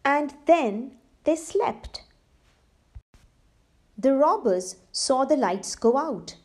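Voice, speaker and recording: A woman reading a children's story aloud in a slow, expressive way and talking to young listeners. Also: sits high. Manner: slow, expressive, sing-song.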